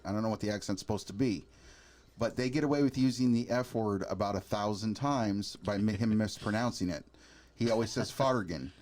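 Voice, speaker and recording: A man hosting a casual podcast chat, relaxed, laughing easily and repeating himself as he talks. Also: lowish voice, fairly quick. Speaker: podcast host.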